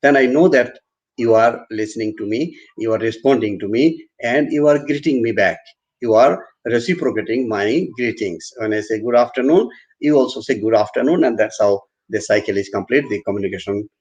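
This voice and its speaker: Low-voiced man lecturing with many restarts. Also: normal speed, darkish tone, muffled recording. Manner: repetitive, restarting, explains with everyday examples. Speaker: university lecturer. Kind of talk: online class lecture.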